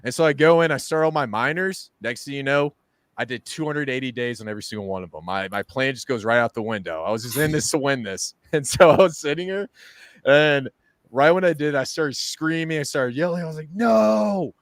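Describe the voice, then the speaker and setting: A man hosting a casual crypto interview, telling stories with animated swings into loud excitement. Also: mid-range voice, fairly quick, no echo. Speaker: podcast host.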